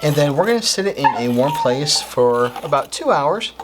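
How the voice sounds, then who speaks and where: Upbeat male cooking host, lively pitch, kitchen noise and clattering dishes behind. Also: normal speed. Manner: upbeat, chatty, explains steps as he works. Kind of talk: casual cooking demonstration. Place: home kitchen.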